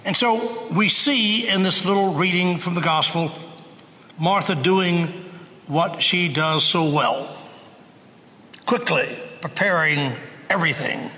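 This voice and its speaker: A man preaching a sermon, telling the story in a slow, conversational way. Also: sits high, sharp tone, in a large hall, a little hiss or hum.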